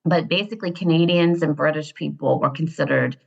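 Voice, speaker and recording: Low, gravelly American woman. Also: fairly quick. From Ohio, USA. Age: 50s. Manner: animated, digressive storyteller who laughs often. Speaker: guest. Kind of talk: casual storytelling interview. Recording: dull lo-fi sound.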